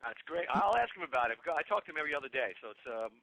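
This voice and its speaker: A man, a guest on a chat show, talks quickly and eagerly. His voice is bright and slightly high. The sound is close and dry. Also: big pitch swings, no echo, rough recording. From Italian-American family. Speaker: guest musician. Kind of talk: casual interview chat.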